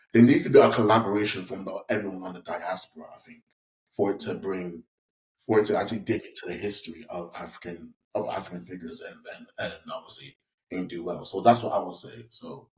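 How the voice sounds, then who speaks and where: A young English man from West Yorkshire, an actor guest in a casual interview, talking in a rambling way with many restarts and fillers. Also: on the low side. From West Yorkshire, England. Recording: echoey room.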